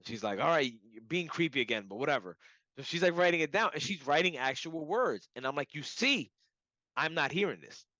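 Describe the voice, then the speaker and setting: A man telling a personal story in a casual, animated way, full of "like" and "you know". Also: on the high side, a little fast, dry recording. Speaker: client giving a testimonial. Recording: dull lo-fi audio.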